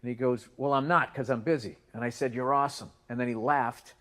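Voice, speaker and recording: A man's voice: medium pitch, steady tone, fairly quick, a bit bright. Man, podcast co-host, casual storyteller, plays both sides of conversations. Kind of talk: casual chat.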